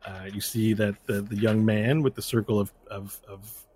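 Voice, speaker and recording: A man's voice: on the low side, fairly even intonation, moderate pace, darkish tone, slightly rough. A man narrating as game master of a tabletop game, rambling with many fillers.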